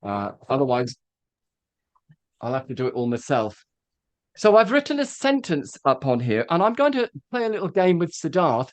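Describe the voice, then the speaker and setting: Animated man coaching presenters. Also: a little high, no echo. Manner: animated, demonstrative, with frequent fillers. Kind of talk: live workshop talk.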